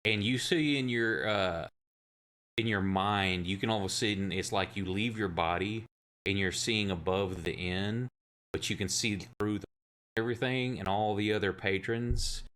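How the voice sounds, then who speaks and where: A man's voice: fairly low pitch, moderate pace, fairly bright tone. A man narrating as game master, telling the scene loosely with plenty of swearing and fillers. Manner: loose, profane storytelling with fillers.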